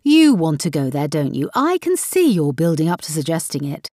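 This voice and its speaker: A woman voicing a married man who is dry and gently mocking, with a lively, rather low voice. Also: no echo. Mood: teasing. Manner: wry, measured, gently mocking.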